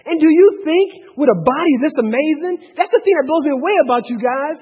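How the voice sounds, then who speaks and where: Male pastor, high voice, husky, dull echoey church-hall recording. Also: brisk, hardly any pauses. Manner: animated preaching that swings from shouting to hushed asides. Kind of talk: sermon.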